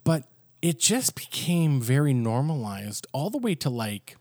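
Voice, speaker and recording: A man co-hosts a casual faith podcast, thinking aloud conversationally with frequent restarts, asides, and "you know." His mid-range voice swings widely in pitch, his pace is unhurried, and the tone is darkish, captured as clean studio sound with no room sound.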